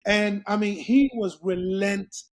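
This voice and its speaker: This middle-aged Englishman speaks high and a touch slowly. He's a guest in a relaxed interview, telling a story with lots of laughter and acting out the voices of its characters.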